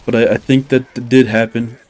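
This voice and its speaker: A young man, talking at an average pitch in loose, rambling commentary. He keeps circling back with fillers and trails into jokey, self-deprecating asides. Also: flat delivery, brisk, darkish tone. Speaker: commentary YouTuber.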